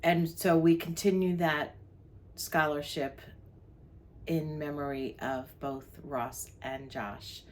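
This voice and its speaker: A woman's voice: deep voice, fairly even intonation, slow pace, a little mellow, a little hiss or hum. An older woman from New Jersey, co-hosting a travel vlog and chatting about her day. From New Jersey, USA. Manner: chatty, lists the day's plans. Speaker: vlog co-host. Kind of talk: casual travel vlog chat.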